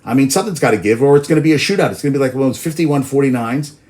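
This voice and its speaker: Casual male sports-talk host, mid-pitched, loose and tangent-prone, swears freely. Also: very fast, darkish tone. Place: outdoors in New York.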